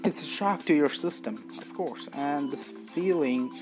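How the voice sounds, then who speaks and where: An earnest young romantic, sincere and encouraging, as a gaming host reads him out. The voice is a touch higher and louder than the reader's own. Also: male voice, measured pace, music in the background, lightly acted. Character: earnest young man, romantic thrill-seeker.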